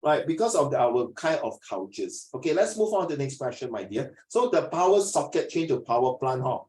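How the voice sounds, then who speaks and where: Animated Malaysian man lecturing, echoey room. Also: mid-range voice, brisk. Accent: Malaysian English. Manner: animated, switches between English and Mandarin, lectures and acts out scenes. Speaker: English tutor. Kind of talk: classroom lesson.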